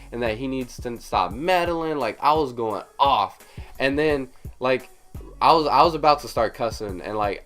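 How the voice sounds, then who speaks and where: A young man telling a story on his vlog, animated and emphatic, with lots of fillers. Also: mid-range voice. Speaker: vlogger.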